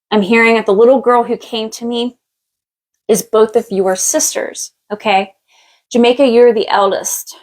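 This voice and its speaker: A woman working as a psychic medium on a live stream, giving a past-life reading. She talks in a relaxed, chatty way, thinks aloud, and often stops to restart a thought or reach for the next word. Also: on the high side, poor audio. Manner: thinks aloud in a halting way, with many fillers and restarts; relaxed and chatty, laughs easily.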